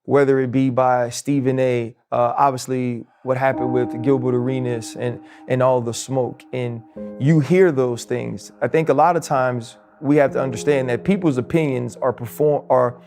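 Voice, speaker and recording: A man hosting a podcast interview, asking measured, probing questions. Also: medium pitch, steady tone, darkish tone, soft background music. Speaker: interview host.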